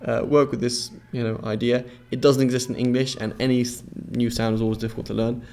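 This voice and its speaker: A man with a gravelly, creaky edge to his voice walks through pronunciation like a patient teacher. He repeats each sound slowly, stretches it out, and keeps checking that the listener is following. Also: medium pitch, flat delivery, dark tone, slight background noise. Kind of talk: instructional explanation with repeated model words.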